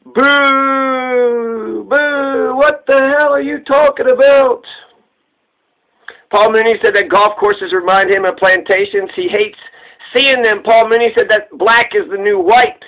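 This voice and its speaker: A man with a high voice rambles at a moderate pace, casual, profane and joking, as he comments on a comedian. The sound is tinny, like a phone line.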